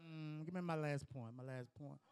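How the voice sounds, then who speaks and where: A man preaching a sermon as pastor, emphatic, swinging from shouting to hushed lines with colloquial asides to the congregation. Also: fairly high pitch, normal speed, clean tone, poor audio.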